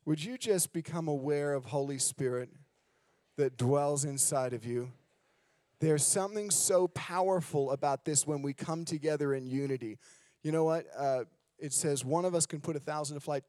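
A man's voice: fairly high pitch, moderate pace, warm tone, no room sound. A man from Australia with an American accent, preaching a sermon as a guest preacher and leading prayer, fervent and fond of repeating "just". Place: decorated church hall.

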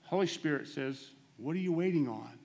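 A man preaching a storytelling sermon, animated and self-deprecating, swinging between loud bursts and hushed asides as he acts out the dialogue. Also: fairly high pitch, normal speed.

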